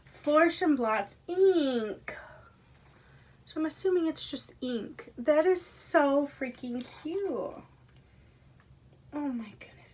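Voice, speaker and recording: A woman unboxing items at home in a casual, gushing way, often dropping to breathy whispers. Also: high voice, lively intonation, moderate pace, a little hiss or hum. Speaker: unboxing vlogger. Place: carpeted room at home.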